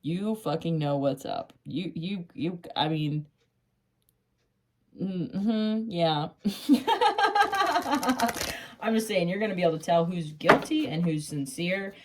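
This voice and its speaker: A woman with a fairly low voice talks through a tarot spread in a loose, casual way. She gets excited and laughs often, with casual swearing. She calls the listener honey and drops to a soft hush when she gives advice. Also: measured pace, a little hiss or hum. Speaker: tarot reader.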